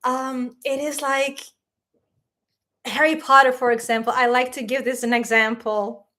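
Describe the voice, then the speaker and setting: A woman's voice: high-pitched, level tone, measured pace, bright, forceful tone. A woman hosting a spiritual livestream, talking in a heartfelt, rambling way, reading the chat aloud and fighting back tears. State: tearful. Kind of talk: emotional livestream talk.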